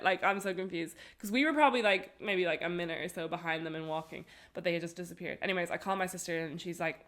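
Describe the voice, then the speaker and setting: A woman telling a travel story on a podcast, animated and full of laughter. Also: lowish voice, fast, hardly any pauses. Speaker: podcast co-host. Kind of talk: casual storytelling chat.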